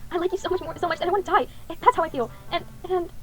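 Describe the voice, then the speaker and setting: A woman voicing an anxious, tearful teenage schoolgirl who blames herself, with a high pleading voice. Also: rapid-fire, faint music behind. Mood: scared. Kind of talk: reading a visual novel aloud.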